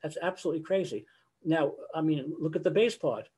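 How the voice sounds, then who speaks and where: A man's voice: on the high side, fairly quick, dark tone, breathy edge. Older man conducting a casual video-call lecture. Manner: conversational, sings example phrases mid-explanation. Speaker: choral conductor giving a lecture.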